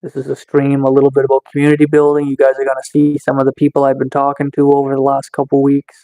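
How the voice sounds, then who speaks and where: A man casually chatting on a livestream, reading chat and answering slowly with lots of fillers, just getting over a cold. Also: medium pitch, monotone, warm tone, poor audio. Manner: slow, laid-back, chill delivery with many fillers. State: recovering from a cold.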